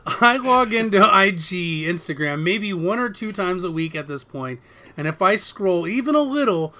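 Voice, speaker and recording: A man's voice: sits high, expressive, a little slow, sharp tone. A man co-hosting a casual hobby podcast, chatting with friends, laughing often and restarting his sentences. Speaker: podcast co-host. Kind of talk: casual chat.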